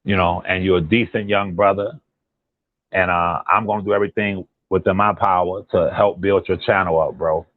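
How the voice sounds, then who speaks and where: A man, a guest on a call-in commentary chat, talking in an animated, repetitive and emphatic way. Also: low-pitched, moderate pace, dry recording. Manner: animated, repetitive and emphatic, drops into imitated quotes. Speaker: guest on a commentary channel, relative of a defendant. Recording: tinny phone line.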